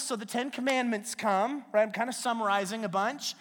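A man preaching a sermon as a pastor, retelling scripture as a lively, slangy story. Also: very high-pitched, a little fast, few pauses. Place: church sanctuary. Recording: long hall reverb in a church.

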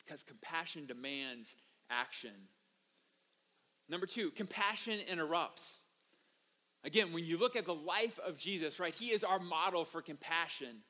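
A man pastor delivering a sermon in a high, bright, forceful voice. He tells stories with animation and keeps turning to the congregation with rhetorical questions. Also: moderate pace. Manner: animated storytelling, asks the audience rhetorical questions.

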